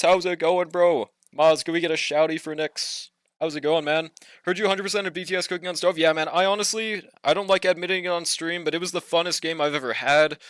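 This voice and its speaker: A man's voice: fairly high pitch, a bit bright, no echo. Laid-back young gamer guy, dry close mic. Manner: laid-back, slangy, swears, laughs often, trails off. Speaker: game streamer. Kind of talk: casual livestream chat while gaming.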